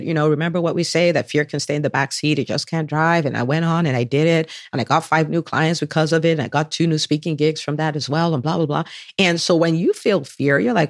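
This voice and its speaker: A woman's voice: low-pitched, lively intonation, fairly quick, creaky, no echo, studio quality. A woman who is a physician hosting a solo podcast, talking with gushing enthusiasm and acting out what other people said.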